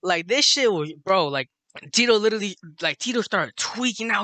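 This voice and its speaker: A man's voice: sits high, animated, normal speed, pushed and bright, no echo. A young man from Chicago telling a rambling, profanity-laden story in a casual monologue, laughing at his own tale.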